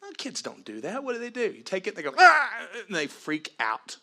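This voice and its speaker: A pastor delivering an earnest sermon on family and forgiveness, then leading a prayer in softer tones. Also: male voice, high-pitched, very animated, fairly quick. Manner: earnest preaching, dropping to soft prayerful tones.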